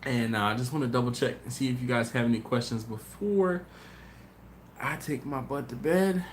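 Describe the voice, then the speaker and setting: A tired man hosting a casual livestream, telling stories in a lively way and doing voices for his friends. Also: medium pitch, moderate pace. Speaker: BBQ channel host. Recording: echoey room with faint noise.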